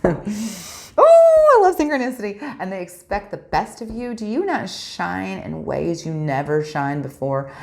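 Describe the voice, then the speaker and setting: A woman giving a spiritual tarot reading, talking earnestly and a bit preachily straight to her viewers. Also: deep voice. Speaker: tarot reader.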